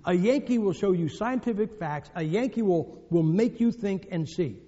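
This sermon comes from a man from the northern U.S. whose high voice is animated yet mellow, at a normal speed. He mixes jokes and stories with emphatic delivery, and the sound is dull lo-fi with the echo of a hall.

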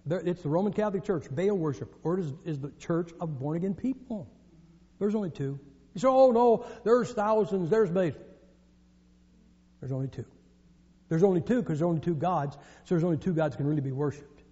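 A man from the northern United States preaches a sermon, talking fast in a slightly high, mellow voice. He tells jokes and stories with emphatic delivery. The recording is dull and lo-fi, with the echo of a hall.

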